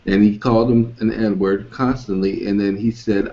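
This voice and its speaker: Low mellow guy chiming in, dull lo-fi audio. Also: fairly even intonation, normal speed. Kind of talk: casual chat. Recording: dull lo-fi sound.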